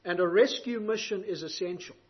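High-voiced preacher, lo-fi. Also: male voice, fairly quick. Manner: rhetorical questions, emphatic and varied delivery. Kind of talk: sermon.

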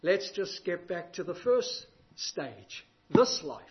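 A man's voice: high-pitched, very animated, takes it slowly, highs cut off. A man preaching a sermon, using rhetorical questions and emphatic, varied delivery.

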